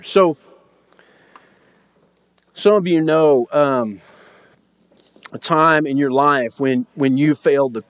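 A man's voice: fairly high pitch, no room sound. A man preaching a sermon as pastor, telling a story and acting out the lines of the people in it. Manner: storytelling, acts out quoted lines in raised voice.

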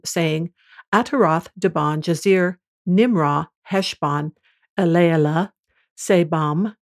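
A woman host reading scripture aloud at a measured, even pace. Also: lowish voice.

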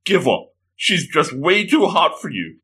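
Man putting on a brash young buddy, teasing and blunt, bright and bouncy delivery. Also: on the high side, sing-song, unhurried, husky, voice pushed up, full character voice. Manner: loud, teasing, no filter.

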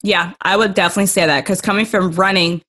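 A young adult woman, a masters swimmer appearing as a guest, tells a story in a casual interview. She talks fast at a medium pitch and is an animated storyteller who acts out the quotes.

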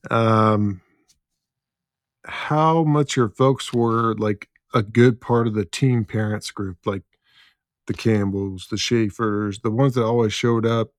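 A male podcast host with a lowish voice who speaks at a slow, deliberate pace. He reads out memories in a relaxed, chatty way. The sound is dry and close, with no room echo. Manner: unhurried, reads out shared memories with filler ums. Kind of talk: casual interview chat.

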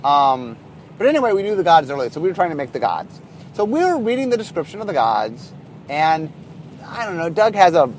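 A man's voice: fairly high pitch, slight background noise. A man, a game designer, telling anecdotes in a casual podcast monologue, rambling and correcting himself as he goes.

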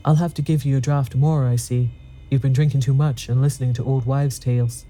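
A man putting on a brash young Irish country doctor, hearty and scoffing, dark deep tone, storybook reading. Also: steady tone, brisk, natural voice, low-quality recording. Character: brash raw-boned young Irish doctor, blunt and mocking.

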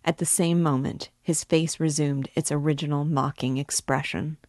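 A woman reading a classic novel aloud in a measured, even way. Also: sits low, no room sound, studio quality. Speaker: reader and guide.

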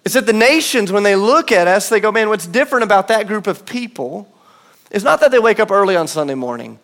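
A man's high, clear voice carries an earnest sermon. He builds with slow, weighty pauses, then sinks into quiet, low asides as he leads the room through his point. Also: animated. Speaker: pastor. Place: church auditorium.

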